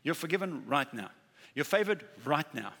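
A man preaching a sermon, talking casually and emphatically, often acting out quick bits of dialogue and repeating key words. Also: fairly high pitch, very animated, creaky, fairly bright tone, slightly rough. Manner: conversational preaching with acted-out dialogue and emphatic repetition. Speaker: pastor. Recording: reverberant hall.

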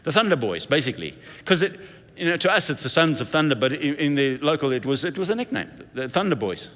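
A man's voice: fairly high pitch, fast. Man preaching in a reverberant hall. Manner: conversational, animated storytelling. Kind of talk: sermon.

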